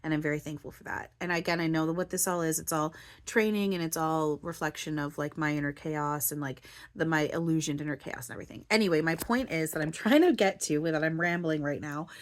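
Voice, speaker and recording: A woman with a low voice talks through her feelings in a loose, rambling monologue. She keeps restarting her sentences and leans on "like" and "you know". Her voice sounds close to tears. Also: a little fast. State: near tears, voice breaking. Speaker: spiritual channeler and vlogger.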